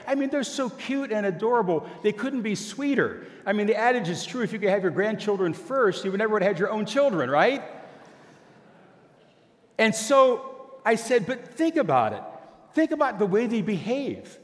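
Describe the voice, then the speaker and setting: An older man preaching a sermon, telling a story and acting out both sides of a conversation in an animated way. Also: sits high. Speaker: pastor. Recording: long hall reverb.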